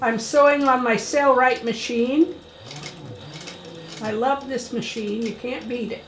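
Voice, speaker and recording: A woman's voice: a little high, steady tone, slow, a little hiss or hum. Chatty woman giving a sewing demo. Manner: chatty, folksy and encouraging. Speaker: craft shop presenter. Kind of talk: casual sewing tutorial.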